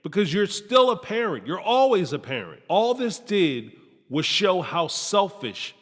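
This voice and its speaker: A man hosting a reality TV review, talking in an animated, sarcastic, slangy commentary style. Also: high-pitched, measured pace, long reverb tail. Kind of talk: commentary monologue.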